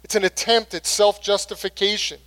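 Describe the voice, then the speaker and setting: A man's voice: sits high, level tone, brisk, fairly bright tone. A middle-aged male pastor preaching a sermon in an earnest, conversational way.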